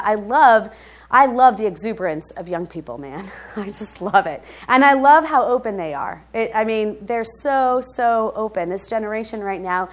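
A woman preaching a sermon and telling a personal story, moving from emphatic highs to soft, quiet stretches, with frequent laughs between phrases.

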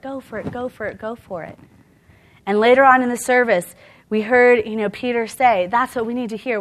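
A woman delivers a sermon in a church, her voice sitting slightly above the usual pitch. She talks to the congregation in a lively, conversational way, asking questions and laughing along. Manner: conversational, animated preaching with rhetorical questions and laughs. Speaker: preacher.

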